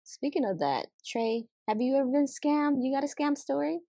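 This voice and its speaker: A woman's voice: high voice, lively intonation, normal speed, vocal fry, warm tone, dry recording, clean studio sound. A young woman co-hosting a podcast, talking casually and candidly about herself. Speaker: podcast co-host. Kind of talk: casual chat.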